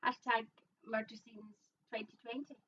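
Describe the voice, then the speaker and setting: A woman with a high, bright voice co-hosting a casual stream, giggly and teasing as she keeps repeating her favourite gag. She sits away from the mic, and the sound is muffled and lo-fi. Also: little pitch movement, moderate pace, husky. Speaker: co-host. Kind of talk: casual live-stream banter. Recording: distant, dull lo-fi sound.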